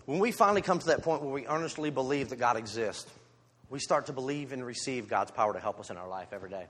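A man's voice: mid-range voice, lively intonation, fast talker, a bit bright. A man giving an informal church sermon to his congregation on a handheld microphone, candid and self-deprecating, with joking asides. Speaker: lay preacher. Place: church sanctuary. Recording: long hall reverb.

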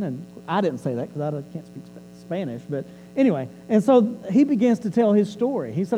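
A male preacher with a high but very mellow, warm voice. He tells his sermon like a story, chatty and loose. He often doubles back on his words as he goes. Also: lively intonation, moderate pace, long reverb tail, highs cut off, a little hiss or hum. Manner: conversational, repeats and restarts words.

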